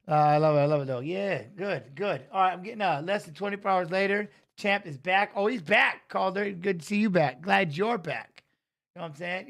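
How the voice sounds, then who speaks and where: A man's voice: high-pitched, fairly bright tone. A man hosting a live watch-along stream, chatting casually and greeting viewers by name, often adding "you know what I'm saying". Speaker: livestream host.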